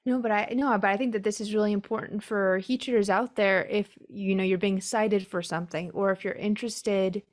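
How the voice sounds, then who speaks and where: A woman's voice: medium pitch, steady tone, a little fast, few pauses. A woman hosting an interview podcast. She sums up her guest's points for listeners in a casual, conversational way. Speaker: podcast host.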